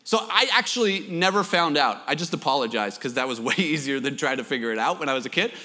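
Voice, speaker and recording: A man's voice: medium pitch, expressive, fast, bright, forceful tone, long reverb tail. A young man preaching a sermon, telling a story with self-deprecating jokes. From Canada. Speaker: pastor.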